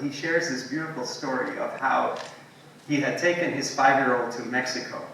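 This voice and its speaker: A man giving a relaxed, anecdotal keynote talk to an audience, telling stories with frequent ums and asides. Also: mid-range voice, brisk, vocal fry. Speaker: invited guest speaker. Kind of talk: conversational storytelling keynote talk. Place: large echoing university hall. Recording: echoey hall, distant mic, faint noise.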